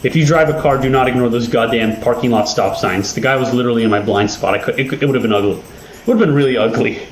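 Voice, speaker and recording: A man's voice: medium pitch, quick pace, echoey room, a little hiss or hum, low-quality recording. A man hosting his own channel, chatting casually and rambling with lots of swearing and self-deprecating jokes. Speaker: video host. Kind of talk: casual rambling chat over gameplay.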